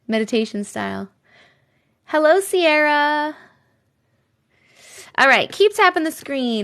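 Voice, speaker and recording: A woman's voice: high voice, a bit bright. A woman with a New York accent hosting a casual livestream from home, chatting, laughing often and reading viewer stories and comments aloud. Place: at home, seated at a computer desk.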